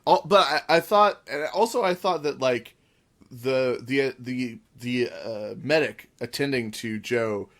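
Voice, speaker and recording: A man's voice: mid-range voice, measured pace, fairly bright tone. A man hosting a podcast, chatty and wry, laughing often. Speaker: podcast host. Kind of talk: casual podcast chat.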